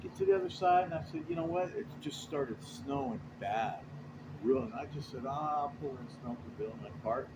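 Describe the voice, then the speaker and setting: Lively, cussing trucker man. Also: medium pitch, a little fast, background noise. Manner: rambling, profane, animated retelling. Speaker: truck driver. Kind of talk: casual storytelling.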